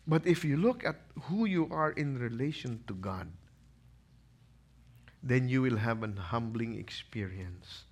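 A man's voice: medium pitch, lively intonation, a little slow, a little mellow, breathy edge. A male pastor preaching a sermon and telling the story dramatically.

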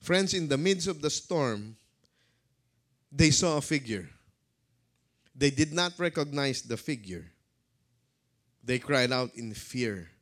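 A male pastor preaching a sermon, dramatic, swinging between loud calls and hushed words. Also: medium pitch, animated, slow pace, pauses often.

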